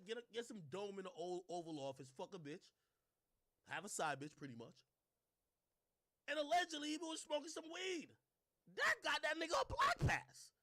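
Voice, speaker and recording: Animated, mocking male ranting streamer. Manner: animated, mocking, swears freely, swings from low mutters to loud outbursts. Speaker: commentary streamer. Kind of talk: casual ranting commentary.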